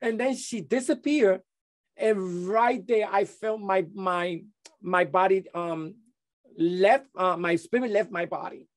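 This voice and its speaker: Middle-aged man, interview guest; halting testimony, lots of restarts. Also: high voice. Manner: halting, many restarts and repeated words.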